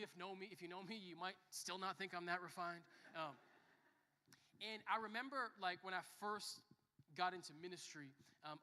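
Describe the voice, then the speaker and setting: High, bright-voiced preacher in a big hall. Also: male voice. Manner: lively, joking storyteller who shifts between soft and loud. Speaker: pastor. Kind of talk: sermon. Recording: long reverb of a church hall.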